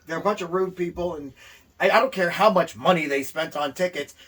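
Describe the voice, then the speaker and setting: A man's voice: high-pitched, a little fast, a bit bright, husky, recorded from a distance. A man co-hosting a wrestling talk show, indignant and bragging about being a good, humble guy. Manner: boastful, indignant, self-praising. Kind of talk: casual in-character chat.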